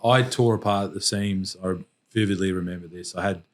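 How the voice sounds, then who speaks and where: A middle-aged Australian man with a fairly low voice speaks as a podcast guest. He tells his story slowly and reflectively, pausing and restarting as he searches for words. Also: fairly even intonation. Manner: halting and reflective, frequent restarts. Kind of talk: emotional personal storytelling.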